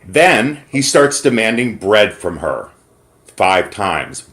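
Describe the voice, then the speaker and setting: An American man making an angry complaint call over the phone, emphatic and pausing to choose his words. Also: on the low side, very animated, a bit bright. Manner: indignant, emphatic, pauses to pick words. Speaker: caller reporting to corporate. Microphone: phone call recording.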